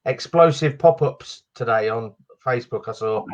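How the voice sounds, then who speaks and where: A man's voice: mid-range voice, normal speed. A man co-hosting a casual live-stream podcast, easygoing, with short replies and laughs along with his partner. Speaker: podcast co-host.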